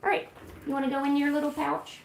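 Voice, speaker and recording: A woman hosting a livestream, chatting casually and coaxing her cats with high, sing-song pet talk at home. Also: completely flat delivery, fast talker, gravelly. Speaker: livestream host. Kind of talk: casual chat to her cats during a stream. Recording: echoey room with faint hiss.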